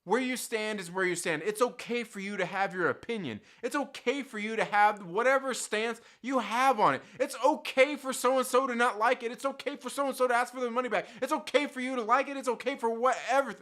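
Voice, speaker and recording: A man's voice: very high voice, brisk, few pauses, fairly bright tone. A man hosting his own channel, delivering a heated, profanity-laden rant straight to his viewers and mocking other people's views. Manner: heated, swears constantly, mocks others in put-on quotes. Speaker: YouTube channel host. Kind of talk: profane unscripted rant to camera.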